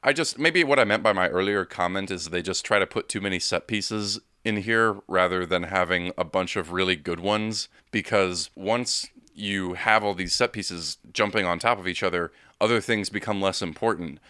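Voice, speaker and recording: A man's voice: deep voice, normal speed, hardly any pauses, pushed and bright, smooth, no echo, clean studio sound. A man co-hosting a podcast, talking about a film in a casual, rambling way and restarting his points often. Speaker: podcast co-host.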